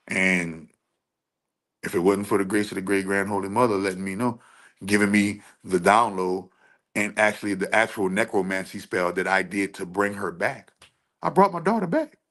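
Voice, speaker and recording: A man's voice: lowish voice, a bit bright. A man hosting a livestream, talking intensely and emphatically, often repeating and restarting his phrases. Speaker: livestream host. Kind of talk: livestream rant.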